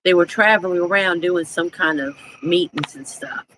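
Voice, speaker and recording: A woman's voice: lowish voice, normal speed, a bit bright, low-quality recording. Southern US woman, live stream host, chatty and folksy, laughs a lot, faint background noise. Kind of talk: casual live chat, reading viewer comments.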